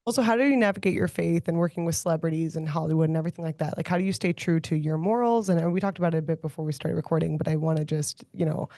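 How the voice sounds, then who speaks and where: A woman's voice: low voice, racing, hardly any pauses, mellow, no echo, clean studio sound. A woman hosting a casual interview, chatty and eager, sharing her own stories between questions. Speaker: podcast host.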